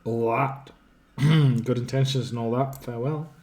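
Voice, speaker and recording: A man's voice: medium pitch, fairly even intonation, measured pace, darkish tone, natural voice. A man voicing a mousy, crushed man who pleads for help in casual slang, in a video game. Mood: relieved.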